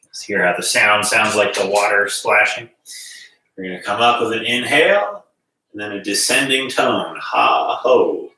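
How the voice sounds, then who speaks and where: Calm male qigong teacher with a bright, forward tone, recorded from afar in a very echoey room. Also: lowish voice, normal speed, a little hiss or hum. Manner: calm, gently guiding with breath cues. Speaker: qigong instructor. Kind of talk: guided movement class. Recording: very echoey room, distant mic.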